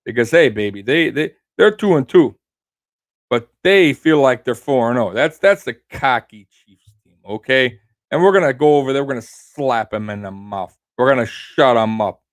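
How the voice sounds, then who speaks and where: A man hosting his own sports prediction show, brash and trash-talking, swinging between loud hype and low growly asides and tagging lines with "baby". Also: expressive, moderate pace, no echo, studio quality. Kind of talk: fan score prediction rant.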